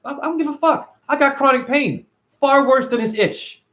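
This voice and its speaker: A man's voice: extremely high pitch, moderate pace, fairly bright tone. A man hosting a casual livestream, talking animatedly and profanely and answering viewers by name. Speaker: livestream host reading chat.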